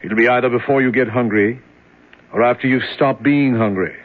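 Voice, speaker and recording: A man's voice: medium pitch, a little fast, lightly acted. An actor playing a curt, cold male jailer who speaks in a dry, matter-of-fact way in a 1970s radio drama. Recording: tinny husky old radio broadcast.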